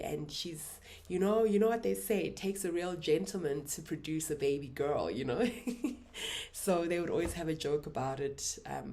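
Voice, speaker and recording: South african woman in her 30s, low voice, soft and halting, telling her own story on a vlog. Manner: soft, halting, emotional retelling. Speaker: YouTuber.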